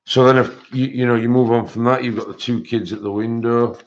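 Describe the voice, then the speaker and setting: A man hosting a colouring live stream in casual, rambling chat, greeting viewers by name. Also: mid-range voice. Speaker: colouring channel host. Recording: dull lo-fi stream audio.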